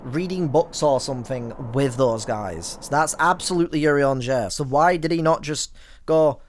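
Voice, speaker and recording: A man's voice: medium pitch, normal speed, a little hiss or hum. A young man hosting a casual gameplay let's play, swearing often, laughing and reading game text aloud. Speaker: gaming let's-play host. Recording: game audio mixed under voice. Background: game music.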